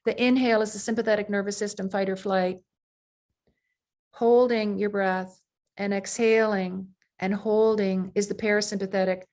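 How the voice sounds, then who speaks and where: A woman surgeon, interviewed as a guest, telling workplace anecdotes in a loose, conversational way, full of fillers and restarts. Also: medium pitch. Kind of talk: conversational storytelling.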